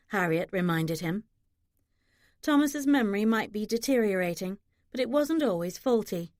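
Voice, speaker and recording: A woman narrating a romance audiobook in a steady, even reading style. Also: medium pitch, normal speed, dry recording, studio quality. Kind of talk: scripted narration.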